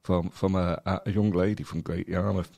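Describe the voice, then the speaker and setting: A man's voice: low voice, little pitch movement, moderate pace, vocal fry, warm tone. A man co-hosting a casual comedy podcast, sweary and rambling, with frequent stammered restarts. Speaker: podcast co-host. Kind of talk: casual chat.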